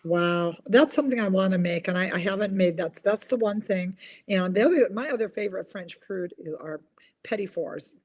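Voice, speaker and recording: An older woman hosts a relaxed live chat over a video call, her voice at a middling pitch. She rambles in a friendly, self-deprecating way and greets viewers as she goes. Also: moderate pace, husky. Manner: chatty, self-deprecating, reads viewer comments. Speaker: host. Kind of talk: casual interview chat.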